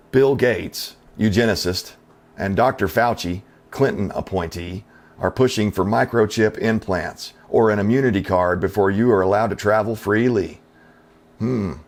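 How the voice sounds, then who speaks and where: This is a middle-aged channel host with a rather low voice, sharing his opinions at an ordinary pace. His manner is homespun and skeptical, dotted with rhetorical questions and loose filler words.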